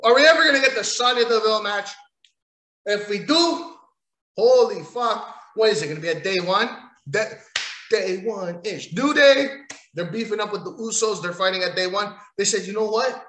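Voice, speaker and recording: Brash man with a high, bright voice, ranting casually about wrestling in an echoey room. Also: normal speed. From Italian heritage. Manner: rambling, crude, mocking, bursts into shouting. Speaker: wrestling commentator. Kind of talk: profane casual wrestling recap.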